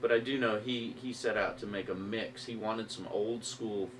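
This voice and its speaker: Man from arkansas, casual podcast chat, lowish voice, a bit far from the mic with faint hiss. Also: steady tone, normal speed. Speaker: actor, podcast guest.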